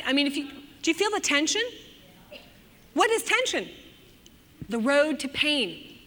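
A woman teaching a sermon to a group of women, animated and dramatic, acting out anxious and angry voices. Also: sits high, normal speed, long pauses, in a large hall, slight background noise.

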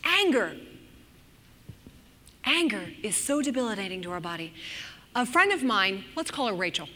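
A woman teaching a sermon to a group of women, animated and dramatic, acting out anxious and angry voices. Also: medium pitch, moderate pace, in a large hall.

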